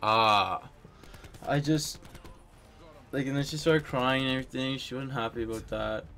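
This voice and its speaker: A man's voice: medium pitch, normal speed, bright, forceful tone. A young man telling a story to friends in a casual voice chat, rambling with lots of fillers and swearing.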